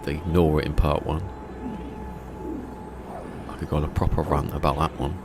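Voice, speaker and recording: A man's voice: very deep voice, little pitch movement, normal speed, very noisy. An English man streaming a game live, chatting casually in a rambling way, often restarting his sentences. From England.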